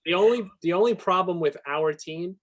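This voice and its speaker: A man co-hosting a podcast, animated and profane, acting out his own yelling. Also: sits high, normal speed. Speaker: podcast co-host. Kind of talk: casual chat.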